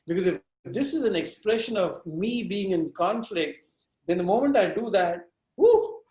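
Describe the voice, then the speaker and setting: A man leading an interactive workshop on conflict, talking in a direct, animated and teasing way. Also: high-pitched, echoey room, low-quality recording. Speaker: workshop trainer.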